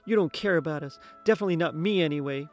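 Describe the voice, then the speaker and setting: A man's voice: a little high, a little fast, darkish tone, soft background music, natural voice. A man voicing a resentful teenage boy who talks back sharply and in a raised voice. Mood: bitter, angry.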